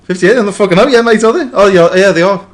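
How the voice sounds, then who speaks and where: A man's voice: high-pitched, fast talker, pitched above the performer's own voice, close to an everyday voice. A man playing an overfamiliar, creepy man who chats up a stranger in an improvised comedy sketch. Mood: creepy friendly. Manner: overfamiliar, chummy, calls everyone mate.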